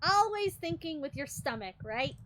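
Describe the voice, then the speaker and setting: A woman voicing a cute, secretive little talking raspberry girl who speaks in sweet but ominous warnings. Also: high voice, sing-song, moderate pace, fairly bright tone, a little hiss or hum.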